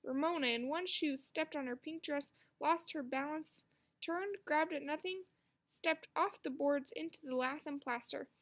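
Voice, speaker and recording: A woman reading a children's book aloud with expressive storytelling. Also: high voice, a little slow. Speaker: narrator.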